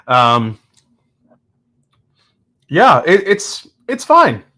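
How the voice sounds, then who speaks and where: A man's voice: fairly high pitch, sing-song, drawn-out words, bright, forceful tone. A man hosting a live whiskey-tasting stream, chatting casually and joking as he answers viewer comments. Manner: candid, joking, with frequent restarts and laughs.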